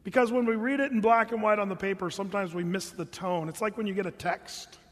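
High-voiced man preaching in a hall. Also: quick pace. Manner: animated, jokey preaching with mock voices. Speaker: pastor. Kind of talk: sermon.

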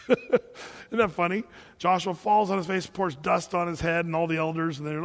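A man teaching through a Bible chapter as a pastor, conversational and animated, acting out the quotes. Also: high-pitched, normal speed. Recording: long hall reverb.

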